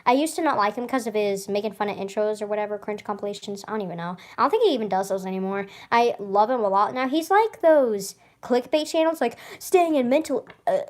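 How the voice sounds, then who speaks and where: A woman's voice: mid-range voice, fairly quick, hardly any pauses, a little mellow. A woman vlogger chatting casually to camera, rambling and often stuttering and restarting. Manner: chatty, rambling, with frequent laughs.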